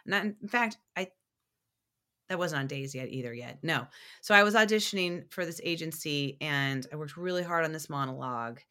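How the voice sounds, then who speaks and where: Bright-voiced woman telling stories animatedly. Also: low-pitched, moderate pace. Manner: animated storyteller, many restarts and fillers. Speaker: podcast guest. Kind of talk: casual interview chat.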